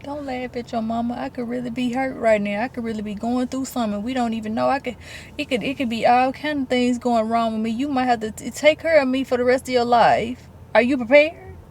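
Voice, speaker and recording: A woman's voice: on the high side, a little fast, a little hiss or hum. Chatty woman vlogger saying y'all. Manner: chatty, expressive, addresses viewers as y'all. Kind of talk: casual vlog chat.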